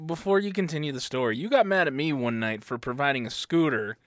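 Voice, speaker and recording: A man's voice: fairly high pitch, fast talker, a bit bright, dry recording, clean studio sound. A man co-hosting a casual chat show who teases his friend, laughs a lot and cuts in with jokes. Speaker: podcast co-host.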